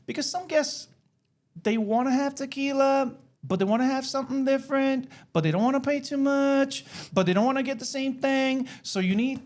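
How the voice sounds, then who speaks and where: A man's voice: extremely high pitch, moderate pace. A man co-hosting a podcast, explaining things step by step and often checking in with "right?". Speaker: podcast co-host. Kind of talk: casual chat.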